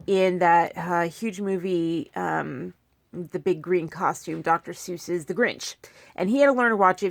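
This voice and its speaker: A woman's voice: fairly low pitch, vocal fry, dry recording. A young woman vlogging casually to her phone while in pain, talking in a rambling way with many restarts and asides. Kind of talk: casual talk to camera.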